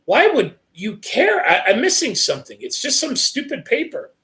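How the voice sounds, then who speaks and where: Man voicing a jittery teen boy, higher and brighter than the narrator. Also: huge pitch swings, full character voice. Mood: worried. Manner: quick, anxious questions. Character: anxious teenage boy, eager friend.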